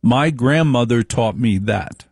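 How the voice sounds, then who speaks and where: A man's voice: medium pitch, slow, gravelly, a little mellow, breathy edge, no echo, studio quality. A man giving an opinionated monologue, telling a family story with emphatic repetition. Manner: emphatic, storytelling, repeats points for stress.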